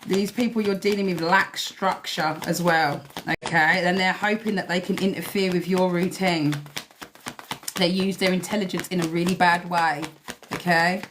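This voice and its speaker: A woman's voice: fairly low pitch, steady tone, moderate pace, noisy background. A woman giving a blunt, emphatic live tarot reading, swearing freely as she talks to viewers. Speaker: tarot reader.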